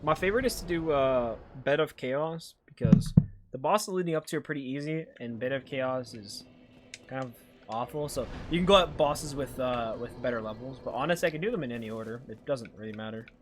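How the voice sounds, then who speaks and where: Here a young Albertan streamer, lightly Canadian-accented, plays a game and rambles to his chat, reading viewers' questions out loud before answering. He speaks briskly in a mid-range voice. A faint hiss or hum sits under the recording.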